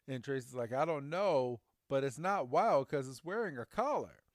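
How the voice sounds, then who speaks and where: A man's voice: medium pitch, moderate pace, no room sound, studio quality. A man co-hosting a podcast, casually recapping a cartoon episode and animatedly acting out the characters' lines. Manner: animated retelling with silly quoted voices. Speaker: podcast co-host.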